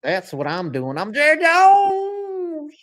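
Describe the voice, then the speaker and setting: A man on a live stream doing a crude comic impression of an old Texan man, stretching each word out slowly. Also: very high-pitched, wildly swooping pitch, fairly bright tone, voice pushed up, full character voice. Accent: Southern US (put on). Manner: drawn-out, crude boasting.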